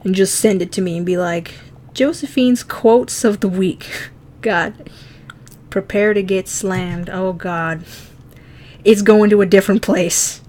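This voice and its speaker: A woman's voice: medium pitch, steady tone, a little slow, long pauses, a little mellow. A woman streaming herself drawing, chatting casually, laughing often and swearing freely as she teases herself. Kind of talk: casual chat while drawing.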